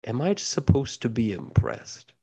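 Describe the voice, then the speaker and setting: A man voicing an ancient, contemptuous female dragon who speaks in slow, drawn-out threats during a tabletop game. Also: medium pitch, wildly swooping pitch, creaky, dark tone, breathy edge, highs cut off, exaggerated voice. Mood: scornful. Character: ancient scornful female dragon, coldly menacing.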